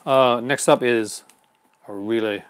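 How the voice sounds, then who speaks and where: A man's voice: mid-range voice, fairly even intonation, takes it slowly, clean tone. A man hosting a live unboxing stream in casual chat, rambling and chuckling often. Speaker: host.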